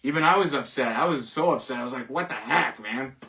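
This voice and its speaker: A man's voice: medium pitch, quick pace, pushed and bright, recorded from a distance. A man hosting a casual solo show, rambling, joking and laughing at his own jokes. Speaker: host. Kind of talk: casual solo wrestling commentary.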